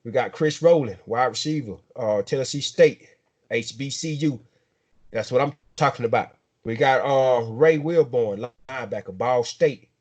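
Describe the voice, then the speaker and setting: On his laid-back sports talk show, a South Georgia man drawls at a normal speed in a mid-range voice, his Southern American accent clear. He hypes players up, often saying things twice.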